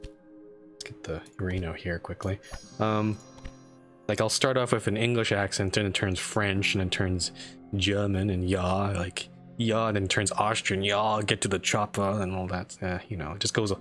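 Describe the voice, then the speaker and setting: A man's voice: low voice, fairly even intonation, measured pace, a bit bright, faint music behind. A man streaming a strategy game, chatting casually and self-deprecatingly with lots of restarts. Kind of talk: casual live-stream commentary.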